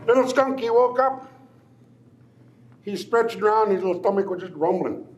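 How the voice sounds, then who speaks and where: Old man telling a traditional story, laughs a lot, highish voice, roomy echo. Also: animated, moderate pace, lo-fi sound. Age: older. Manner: chuckling, playful, teasing the listeners. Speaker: tribal elder storyteller. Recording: echoey room, faint ambience.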